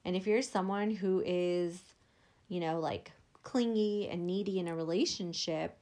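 A woman's voice: on the low side, a little slow, mellow. Young woman, podcast host, casual monologue, filler-heavy, acts out inner voices. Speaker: podcast host and life coach.

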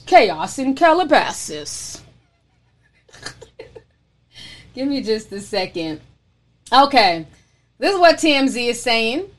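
Young woman on a livestream, high voice, chatty and blunt, reads fan messages. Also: fairly bright tone. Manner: chatty, reads super chats aloud, frank and profane. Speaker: livestream host. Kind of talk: casual livestream chat.

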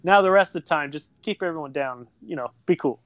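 Relaxed podcast co-host spinning scenarios. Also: medium pitch, quick pace, slight background noise. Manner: relaxed storytelling, acts out quoted lines. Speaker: guest co-host. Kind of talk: casual chat.

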